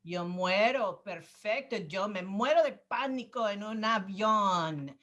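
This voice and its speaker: A woman teaching a Spanish class over a video call, explaining grammar rules patiently step by step and gently calling on students. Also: medium pitch, expressive, unhurried. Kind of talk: online class instruction.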